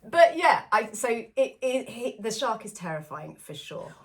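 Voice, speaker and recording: A woman's voice: fairly high pitch, sing-song, measured pace. A woman co-hosting a casual podcast about films, chatting loosely with many fillers and frequent laughs. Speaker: podcast co-host. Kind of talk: casual film-discussion podcast chat.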